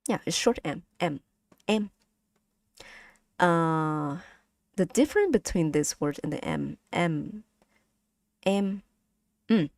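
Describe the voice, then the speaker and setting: A woman's voice: fairly low pitch, lively intonation, slow pace, long pauses, a little mellow, no room sound. A woman with a Vietnamese accent teaching pronunciation on a casual live stream, patiently repeating sounds for her chat.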